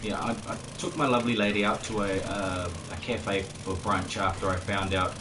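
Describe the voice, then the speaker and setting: A man's voice: lowish voice, fairly even intonation, moderate pace, background noise. A man chatting casually on a live stream while he plays, rambling, chuckling often and swearing at the game.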